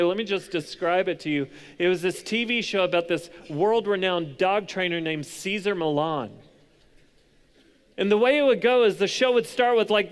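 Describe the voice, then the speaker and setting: A young adult man preaching a sermon as pastor, moving between hushed, intense passages and loud, animated storytelling. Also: high-pitched, clean tone.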